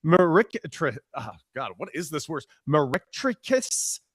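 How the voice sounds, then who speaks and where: Male sports talk co-host, excitable and laughing, slightly high voice, dry close sound. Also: normal speed, no echo. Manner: laughs easily, excitable, reads out posts.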